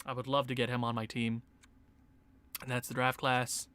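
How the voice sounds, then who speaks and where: A young man giving casual commentary on a hockey video game, muttering and then breaking into excited shouts. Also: mid-range voice, normal speed, clean tone, no echo. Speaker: gaming YouTuber.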